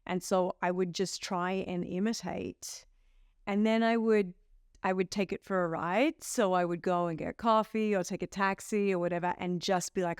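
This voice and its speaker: A woman's voice: on the low side, fairly even intonation, normal speed, clean tone, no room sound, clean studio sound. A middle-aged woman with an Australian accent, an actress chatting casually in an interview, telling stories with playful quoted asides.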